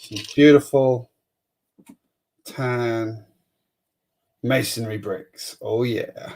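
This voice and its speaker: A chatty man hosts a relaxed live stream, greeting viewers and talking to himself as he sorts things. His voice sits at a middling pitch and drifts now and then from the mic. A faint noise hums behind him. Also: extremely slow. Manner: chatty, greets chat viewers, mutters while sorting bricks. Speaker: host of a building live stream. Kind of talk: casual live-stream chat.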